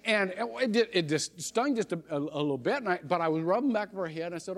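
A middle-aged man, a pastor, preaching a sermon by telling a personal story, animated and chuckling often, with frequent restarts. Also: high-pitched, fast, hardly any pauses. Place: church sanctuary. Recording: long reverb of a church hall.

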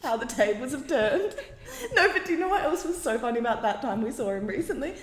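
A young woman co-hosting a casual chat, telling stories in an animated, giggly way and acting out what people said. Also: fairly high pitch, fast. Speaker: podcast co-host. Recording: roomy echo with long reverb.

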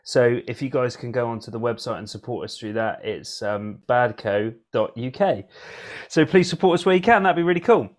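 A man's voice: mid-range voice, normal speed. A man hosting a casual podcast, talking in jokey, rambling banter. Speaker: podcast host. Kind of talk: casual chat.

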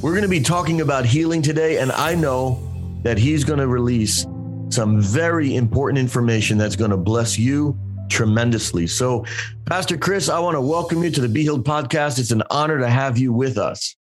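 A man's voice: medium pitch, moderate pace, over music. A man hosting a faith podcast, affirming his guest and asking long framing questions. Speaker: podcast host. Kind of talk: podcast interview, pastoral.

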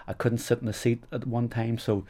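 A man's voice: mid-range voice, flat delivery, a little fast, mellow. A middle-aged man with a Northern Irish accent, telling stories in a casual interview, rambling and full of "you know" fillers. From Northern Ireland. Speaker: guest.

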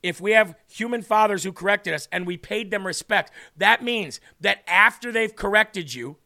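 A Midwestern man with a high voice leads a Bible teaching. He reads a verse, then unpacks it in an earnest, chatty manner, with a bright, forceful tone. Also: normal speed, creaky. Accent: Midwestern American. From Illinois. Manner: earnest, conversational, reads scripture then explains it. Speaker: host of a faith show. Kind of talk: Bible teaching with casual commentary.

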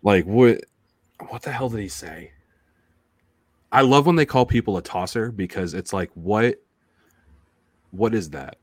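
A man with a very low, deep voice chats casually on a podcast. He rambles from one joke to the next, swears freely and often restarts his sentences. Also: expressive, measured pace, long pauses, slightly rough, dry recording. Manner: rambling, profane, joking, with frequent restarts. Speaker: podcast co-host. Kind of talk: casual chat.

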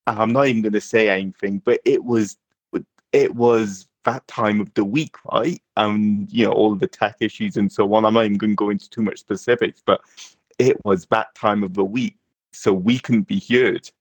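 A man co-hosting a casual podcast over an online voice call, rambling vaguely with halting restarts. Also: fairly low pitch, steady tone, breathy edge, no room sound. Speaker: podcast co-host. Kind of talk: casual chat.

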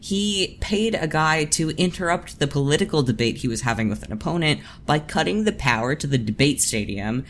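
A podcast co-host narrating true crime in casual chat, with sarcastic, deadpan asides. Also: medium pitch, fairly quick, hardly any pauses, a little hiss or hum.

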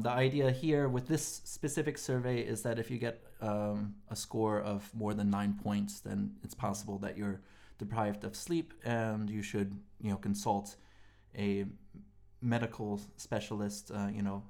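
A sleep-deprived man co-hosting a podcast in casual chat, tired and yawning, talking haltingly with many ums and restarts. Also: lowish voice, little pitch movement, gravelly, a little mellow. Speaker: podcast co-host.

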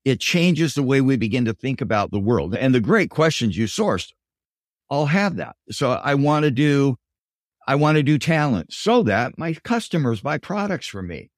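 An older man tells stories in an interview, acting out the dialogue of the people in them. His voice sits at a middle pitch, and the recording is dry and close with no room sound. He speaks as a professor and coach giving his answers. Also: moderate pace, no echo. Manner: animated storyteller, voices quotes in dialogue. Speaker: guest, business professor and executive coach.

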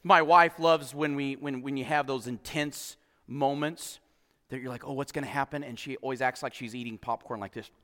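Fired-up pastor guy, high bright voice, big hall echo, keeps going huh? come on. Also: moderate pace. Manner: animated, exclaiming "huh?" and "come on". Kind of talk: sermon. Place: church hall. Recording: long hall reverb.

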